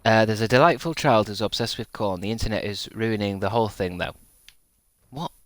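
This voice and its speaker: Sardonic man streaming, low voice. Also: fairly quick, no echo. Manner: sardonic, rambling, self-mocking, swears casually. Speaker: game streamer. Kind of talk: casual stream chat.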